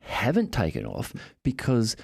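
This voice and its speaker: A man's voice: fairly low pitch, measured pace, creaky, slightly rough, dry recording, clean studio sound. A man in casual podcast chat, telling stories and acting out the people in them. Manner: animated storyteller, acts out quoted voices.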